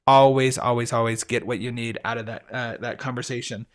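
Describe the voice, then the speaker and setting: A male podcast host talks in a relaxed, eager monologue, often pausing on fillers and restarting his sentences. His voice sits at an ordinary middle pitch. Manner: enthusiastic, conversational, frequent fillers and restarts. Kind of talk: casual monologue recommending books.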